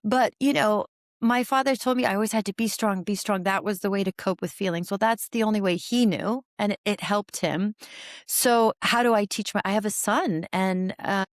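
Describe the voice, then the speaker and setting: A woman in her forties, a therapist talking as a podcast guest, explaining with animated energy and frequent restarts. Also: mid-range voice, normal speed, dry recording, clean studio sound. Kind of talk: podcast interview conversation.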